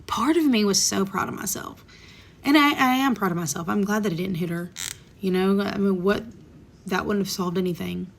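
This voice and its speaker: Candid woman with a gravelly voice. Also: mid-range voice, moderate pace. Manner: candid, emotional, drops into whispers. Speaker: vlogger. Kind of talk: casual storytime monologue.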